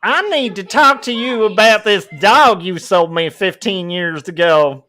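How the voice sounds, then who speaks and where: A man's voice: high voice, unhurried, sharp tone, pitched above the performer's own voice. A man putting on the voice of an entitled, gun-toting woman who demands to see the manager. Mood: indignant.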